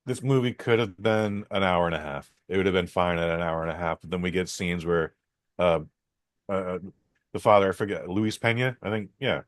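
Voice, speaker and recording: Low-voiced man rambling through a film review. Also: normal speed, no echo. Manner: rambling and profane, with many fillers and restarts. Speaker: podcast host reviewing a film. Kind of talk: casual spoken film review.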